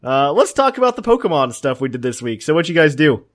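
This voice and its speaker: A man hosting a casual podcast, upbeat and quick to laugh. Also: a little high, big pitch swings. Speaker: podcast host.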